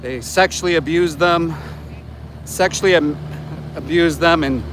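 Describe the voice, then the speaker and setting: A fortysomething Canadian activist livestreams on his phone outside a slaughterhouse, his fairly high voice unhurried as he indignantly rants and shouts at the truck drivers. Trucks and other traffic pass along the road behind him.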